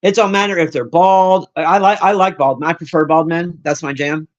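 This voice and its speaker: A loud, brash woman in her fifties chatting casually on a live stream from her room, teasing and roasting her viewers. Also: lowish voice, steady tone, a little fast, highs cut off. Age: 50s. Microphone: own desk mic.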